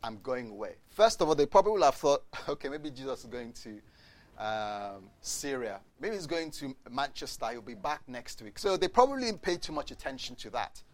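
A man preaching a sermon, telling the story in a lively way, asking the congregation questions and acting out the voices of the people in it. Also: mid-range voice, moderate pace. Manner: addresses the congregation directly with questions.

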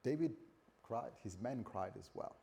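A man's voice: mid-range voice, animated, a little slow, vocal fry, mellow, slightly rough. A man preaching a conversational sermon, often repeating words and acting out the voices he quotes.

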